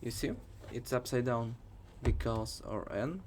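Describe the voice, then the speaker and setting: A young man with a Russian accent walks through his code step by step at a slow, easy pace. He slips in dry jokes between lines while keys clatter softly under a faint background hiss. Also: mid-range voice. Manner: dry, joking asides while typing. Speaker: programming tutor. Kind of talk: live coding tutorial. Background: keyboard typing.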